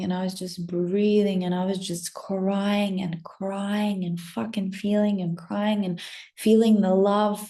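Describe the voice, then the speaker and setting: A young woman telling an emotional personal story to her listeners, swearing a lot and often dropping into soft whispers. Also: medium pitch, gravelly. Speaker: spiritual content creator. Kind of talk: confessional storytelling to camera.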